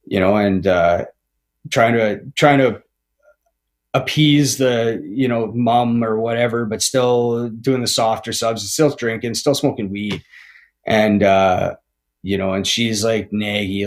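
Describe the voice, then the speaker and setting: A man's voice: lowish voice, steady tone, slow pace. Rambling, foul-mouthed man telling his story. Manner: heavy swearing, tags lines with "right?" and "man"; rambling with frequent restarts. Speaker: podcast guest. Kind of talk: candid recovery storytelling.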